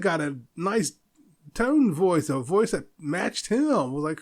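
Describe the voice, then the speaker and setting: A man's voice: sits high, sing-song, measured pace. Rambling, chuckling podcast man. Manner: rambling, chuckles often, loose and self-interrupting. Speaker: podcast host. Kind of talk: casual solo podcast talk.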